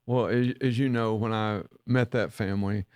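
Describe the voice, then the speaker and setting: A man's voice: lowish voice, fairly even intonation, normal speed, darkish tone, clear, resonant tone, no echo. A man, co-hosting a podcast, telling a story in a folksy way and acting out the dialogue. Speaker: podcast co-host and leadership mentor. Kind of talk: casual storytelling chat.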